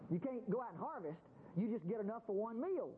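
Over a tinny, phone-like radio broadcast carrying a faint hiss, a man preaches a sermon teaching the Bible. His high voice is expressive and a little fast, and he keeps things folksy and conversational, voicing the quotes he reads.

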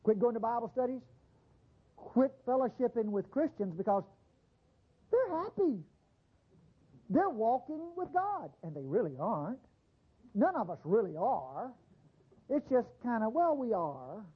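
A man preaching a sermon as a pastor, animated and conversational, acting out mock voices. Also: sits high, normal speed, slightly rough, lo-fi sound.

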